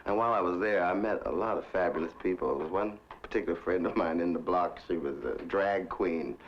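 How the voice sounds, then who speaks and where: A man's voice: low-pitched, brisk, a little hiss or hum. A man telling candid stories to the camera in a camp, flamboyant way, laughing often as he talks. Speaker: interviewee telling life stories. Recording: dull 1960s film recording.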